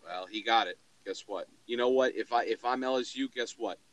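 A man's voice: mid-range voice, a little fast, no echo, rough recording. The man cuts in hard and swears freely, and his voice sits in the middle of the male range. The sound is dry and close-miked. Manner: excitable, emphatic, swears freely. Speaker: podcast co-host. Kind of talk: casual sports podcast chat.

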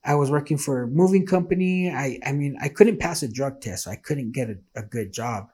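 A man's voice: medium pitch, fairly quick, darkish tone, slightly rough. A man telling his faith testimony in a casual, earnest and emotional way, acting out the dialogue he quotes.

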